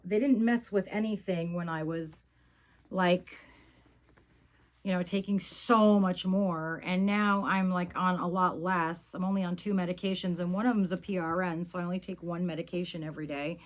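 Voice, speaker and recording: A middle-aged woman talking casually to her viewers in a slightly low voice. She rambles with plenty of fillers, venting her frustration before softening into fond, cooing remarks. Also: low-quality recording. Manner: rambling, frustrated venting, fond baby talk about the dolls. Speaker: reborn doll vlogger. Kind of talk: casual chat.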